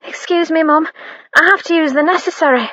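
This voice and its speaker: An eager young maid with a high, bright voice, earnest and fretful, as a woman narrator puts her on. She blurts out her questions. The storybook read is dry and a little muffled. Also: expressive, moderate pace, no room sound. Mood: hurried.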